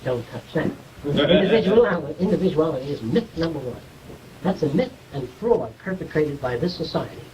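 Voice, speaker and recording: A man's voice: fairly high pitch, expressive, a little fast, recorded from a distance, a loud crowd, low-quality recording. A man giving an informal, conversational lecture to a small group, explaining ideas and checking whether his listeners follow.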